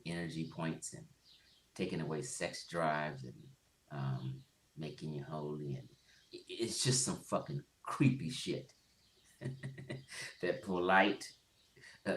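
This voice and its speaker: A man's voice: low voice, roomy sound. A man giving blunt, profane commentary on a livestream, laughing often as he goes.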